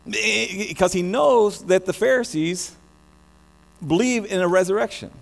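An American man preaching a sermon, animated, often restarting his words mid-phrase. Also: sits high, a little slow, creaky. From United States. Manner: animated, many restarts and stammers. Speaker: pastor. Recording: long hall reverb with mains hum.

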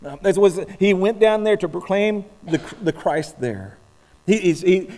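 A male preacher giving a sermon and reading scripture aloud. He stumbles over restarts, then builds to loud, emphatic passages. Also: high voice, moderate pace. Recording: long reverb of a large hall.

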